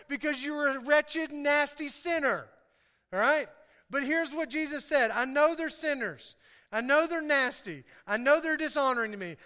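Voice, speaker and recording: A man preaching a sermon as pastor, lively and joking, calling on the congregation to answer back. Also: extremely high pitch. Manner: lively, joking, calls for audience response. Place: church hall. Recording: echoey hall.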